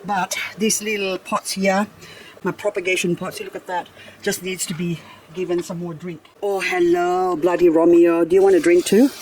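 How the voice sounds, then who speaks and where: A woman's voice: lowish voice, flat delivery, moderate pace, darkish tone, a little hiss or hum, poor audio. A woman vlogging as she waters her garden. She chats casually and talks fondly to her plants. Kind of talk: casual chat while working.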